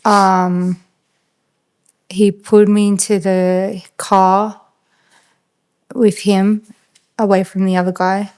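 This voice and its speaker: Aussie woman on a podcast, flat monotone, lots of um and like. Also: medium pitch, clear, resonant tone. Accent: Australian. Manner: flat, halting retelling with many fillers. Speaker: podcast guest. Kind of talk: casual storytelling.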